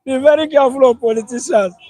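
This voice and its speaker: High-voiced Nigerian man ranting. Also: fast talker, no room sound, low-quality recording. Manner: animated, ranting, laughs while complaining. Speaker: interviewee. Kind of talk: street interview.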